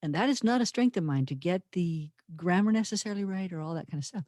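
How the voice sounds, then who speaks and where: A woman's voice: lowish voice, expressive, fast, a little mellow, no room sound, studio quality. A woman co-hosting a podcast, talking in an earnest, thoughtful, emphatic way and often restarting her sentences. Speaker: podcast co-host. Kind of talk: reflective podcast conversation.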